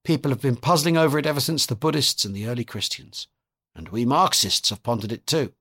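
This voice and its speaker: A man reading aloud voices an irritable, mocking old Bolshevik prisoner with a dry, snappish manner and a husky tone. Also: mid-range voice, fairly quick, fairly bright tone. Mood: sardonic.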